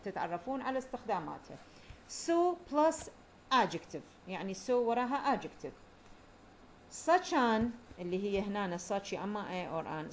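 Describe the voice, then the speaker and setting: Woman, mid-pitched, teaching grammar patiently, slowing down on examples; faint hiss behind. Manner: explanatory, repeats key terms, slows down for English examples. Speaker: English teacher. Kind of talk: grammar lesson mixing Arabic and English.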